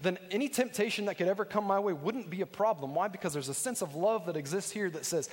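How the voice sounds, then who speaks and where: A man preaches in an earnest, conversational way, often turning to ask the congregation questions directly. His voice sits high for a man. The sound carries a long reverb, as if recorded in a large hall. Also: quick pace. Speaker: pastor. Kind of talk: sermon.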